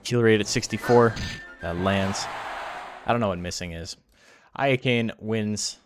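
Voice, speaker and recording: Over music, a young game tournament stream host talks at a measured pace with a fairly low pitch. His live commentary is casual, rambling and full of profanity, filling the time between play-by-play calls.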